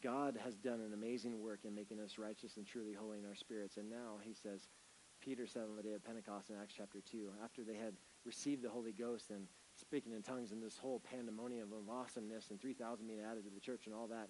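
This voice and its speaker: A man preaching a sermon as pastor, swinging from loud, emphatic bursts to hushed, gentle lines. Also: on the low side, level tone, quick pace, slight background noise, low-quality recording.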